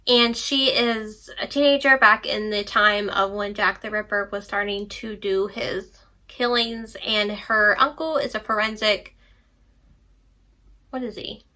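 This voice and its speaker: A woman's voice: fairly high pitch, bright, forceful tone. A young woman chatting casually about books she read, rambling with playful asides. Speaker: book vlogger. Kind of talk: casual book review chat.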